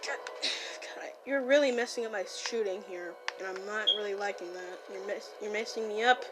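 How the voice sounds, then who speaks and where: A woman voicing a brash, hot-tempered young gang-boss man in a listener role-play while gaming, scolding and yelling. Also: medium pitch, moderate pace, very noisy, natural voice. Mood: annoyed gaming. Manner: loud, scolding, easily startled, playful yelling. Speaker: fan voice actor.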